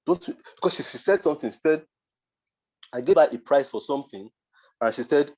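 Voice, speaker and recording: A man's voice: on the high side, animated, fairly quick, pauses often, a little mellow. Emphatic Nigerian man, dull recording. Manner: emphatic, repeats points for force. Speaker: design mentor. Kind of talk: motivational masterclass talk.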